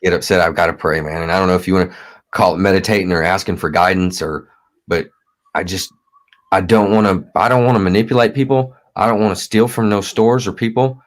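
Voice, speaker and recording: Man, 30s, low voice; halting, blunt, profane recovery guest. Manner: halting, repeats words, swears freely. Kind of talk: candid conversation.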